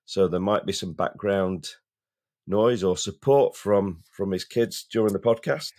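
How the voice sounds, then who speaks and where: Male co-host, lowish voice, has a cold, rambling casual chat with word repeats. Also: a little slow, mellow. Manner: chatty, repeats words while starting sentences. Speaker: podcast co-host.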